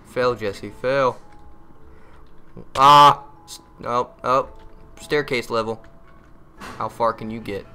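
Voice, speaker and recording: A man's voice: mid-range voice, fairly even intonation, slow, long pauses, bright, forceful tone, faint music behind. A man giving casual gameplay commentary, muttering to himself, yelping and cursing when frustrated, with crude jokes. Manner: muttering, easily frustrated, yelps and curses at the game; crude joking.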